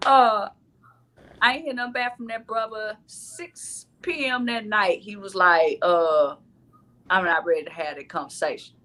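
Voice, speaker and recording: Bright-voiced woman telling a story. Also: mid-range voice, unhurried. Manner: animated, acts out her own quoted lines. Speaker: reality dating show cast member. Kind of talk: casual storytelling chat.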